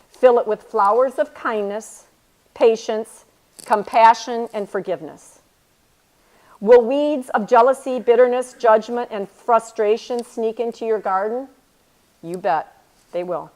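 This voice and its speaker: A middle-aged woman giving an inspirational talk at a church women's event, earnest and emphatic, repeating key phrases slowly. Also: on the high side, a little mellow. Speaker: speaker at a women's church retreat.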